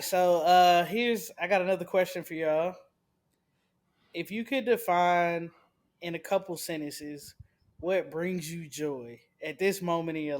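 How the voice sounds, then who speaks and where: A man in a casual chat, playful and tossing out questions to the group. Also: a little high.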